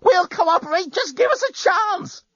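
A man reading aloud and voicing a frantic, sharp-tongued young woman in a storybook. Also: animated, a little slow, no room sound, highs cut off, exaggerated voice. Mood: panicky. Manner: shrill, high and panicky.

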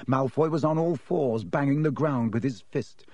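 A man's voice: mid-range voice, normal speed, mellow, dry recording. A man reading an audiobook expressively, giving each character a voice. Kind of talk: audiobook narration.

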